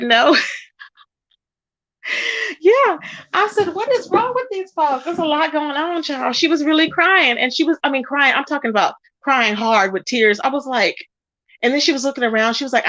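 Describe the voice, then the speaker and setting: A woman's voice: dry recording, dull audio. Chatty gossiping woman livestreamer. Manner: chatty, gossipy, reads out chat comments; animated, quotes people with rising pitch. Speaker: livestream host. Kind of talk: casual livestream chat.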